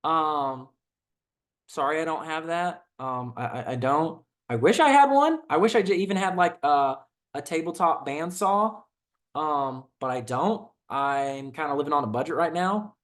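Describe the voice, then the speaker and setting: A man's voice: fairly high pitch, animated, a little slow, fairly bright tone. Laid-back Southern man rambling casually. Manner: rambling, laid-back, many fillers and restarts. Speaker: channel host. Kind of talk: casual reaction video, reading comments.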